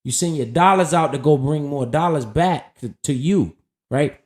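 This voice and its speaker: A man's voice: a little high, moderate pace, darkish tone. A man giving casual, profane, hyped market commentary, talking straight to his viewers while going over his account. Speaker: stock market streamer.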